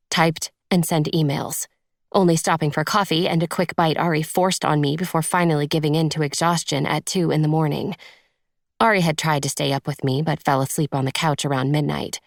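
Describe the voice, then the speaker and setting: A woman reads a first-person romance audiobook in a measured, intimate manner. Her voice is low and has a gravelly fry in it. The recording is close and dry. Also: no echo. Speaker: audiobook narrator.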